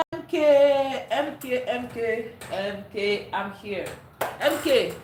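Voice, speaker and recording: A woman's voice: a little high, animated, slow, a little mellow, a little hiss or hum. A tired woman from Nigeria hosting a casual live stream, greeting viewers by name and repeating herself as she talks. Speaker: livestream host. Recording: echoey room, faint ambience.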